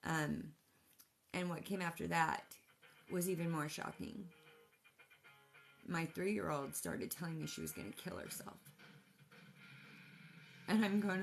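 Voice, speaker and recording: A woman's voice: fairly low pitch, measured pace, vocal fry, long pauses, soft background music. A mother telling a personal story casually, in an emotional, rambling way with many restarts.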